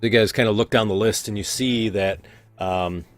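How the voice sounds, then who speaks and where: A man narrating as game master in a tabletop role-playing game, in a halting, casual way. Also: lowish voice, steady tone, faint music behind. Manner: halting, with many fillers and restarts.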